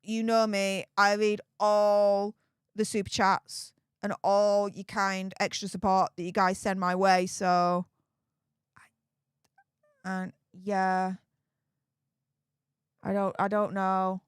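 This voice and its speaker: A woman's voice: medium pitch, little pitch movement, slow, pauses often, smooth, no echo, studio quality. A woman with a Yorkshire accent hosting a casual livestream, reading viewer messages with chatty, laughing, sarcastic asides. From Yorkshire, England.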